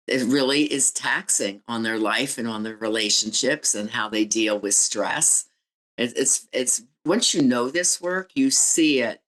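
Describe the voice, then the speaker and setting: A woman's voice: extremely low pitch, fairly bright tone, low-quality recording. Woman, podcast guest, candid reflective storyteller. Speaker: guest, relationship coach and author.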